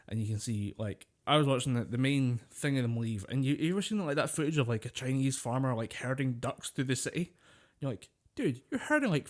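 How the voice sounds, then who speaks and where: A man co-hosting a podcast, telling stories in loose, casual chat. He rambles, swears freely and often breaks into laughter. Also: mid-range voice. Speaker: podcast co-host.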